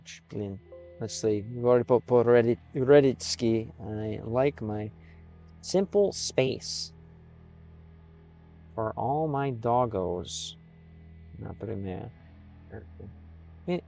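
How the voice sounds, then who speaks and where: A man, a native English speaker, live-streaming in a casual chat, sounding out Russian words slowly and thinking aloud as he thanks viewers. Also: medium pitch, creaky, a little mellow.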